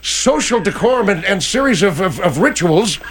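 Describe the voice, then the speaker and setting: A male radio host bantering in a comedy segment, pushing with exasperated questions. His voice is high and lively, with a wide pitch range. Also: moderate pace.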